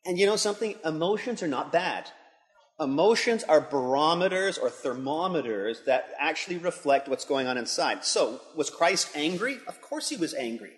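A man's voice: on the high side, animated, moderate pace. A middle-aged man, a pastor and school leader, giving an earnest devotional talk that builds to emphatic intensity. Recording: long hall reverb.

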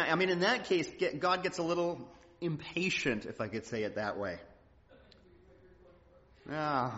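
A man's voice: a little high, fairly bright tone. A man preaching a conversational sermon, folksy and earnest, now and then acting out quotes. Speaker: pastor. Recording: muffled hall recording.

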